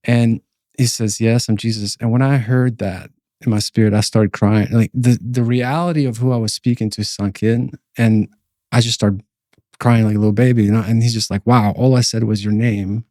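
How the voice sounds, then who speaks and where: Mellow-voiced man telling a rambling story. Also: lowish voice, fairly even intonation, moderate pace, no room sound, clean studio sound. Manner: rambling, many fillers and restarts. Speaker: podcast co-host. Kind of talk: personal testimony storytelling.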